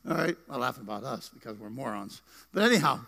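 A man's voice: mid-range voice, expressive, fast, gravelly, sharp tone. A man preaching a sermon in a church, playful and joking with his congregation. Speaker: pastor. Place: church sanctuary. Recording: live church hall reverb.

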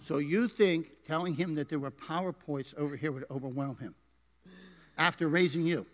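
Joking male pastor, bright high voice, live church sermon in a reverberant room. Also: moderate pace. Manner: playful, joking banter with the congregation. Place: church sanctuary.

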